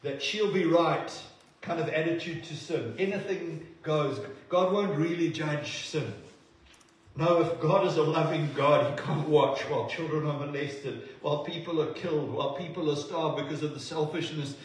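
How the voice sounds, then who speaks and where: A man preaching a sermon, shifting between forceful declarations and hushed, earnest moments. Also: a little high, normal speed. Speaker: pastor. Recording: echoey hall recording from a distance.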